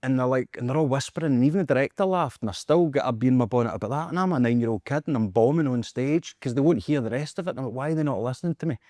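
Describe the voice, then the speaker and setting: Fast-talking Scottish man telling stories. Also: mid-range voice, no echo, clean studio sound. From Scotland. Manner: animated, laughing, self-mocking anecdotes. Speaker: guest performer. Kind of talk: storytelling in casual chat.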